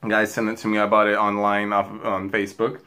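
A man talking excitedly and rambling to his viewers while unboxing in a casual vlog. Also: on the low side, brisk, a little hiss or hum. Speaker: wrestling belt collector vlogger.

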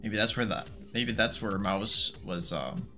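A man's voice: on the low side, measured pace, bright, forceful tone, soft background music. A man giving casual, offhand commentary while playing a video game. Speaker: let's play host.

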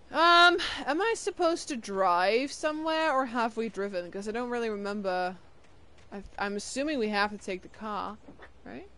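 A young woman streaming a game, chatting casually with viewers, tired and yawning, with excited bursts of greeting. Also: fairly high pitch. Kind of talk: casual live-stream chat.

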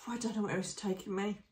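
A woman, a psychic medium narrating her visions live in a hushed, emotional, often slow and breathy way. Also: mid-range voice, roomy sound, noisy background. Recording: voice distant from the mic.

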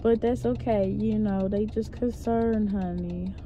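A young woman chatting casually to viewers from her car, a little short of breath from an illness, telling animated stories. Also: medium pitch, unhurried, faint music behind. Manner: chatty, animated storytelling, addresses viewers as y'all. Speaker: vlogger who works with schoolchildren. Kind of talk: casual chat to camera. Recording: dull sound with loud car noise.

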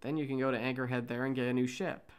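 A man's voice: medium pitch, flat delivery, fast talker, clean tone, close to an everyday voice. A man reading as a blunt ex-politician captain. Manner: blunt, matter-of-fact. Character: gruff male ex-politician ship captain.

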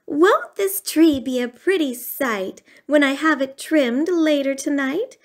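A woman's voice: high voice, slow, voice pushed up. A woman voicing a worried young housemaid in a read-aloud storybook, sighing and fretful.

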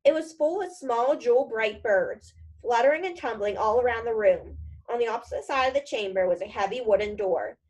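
A woman reading a children's novel aloud, her voice sitting somewhat high. She narrates in a plain, casual storytelling manner. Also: a little fast, hardly any pauses, darkish tone, slightly rough, rough recording. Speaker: reader.

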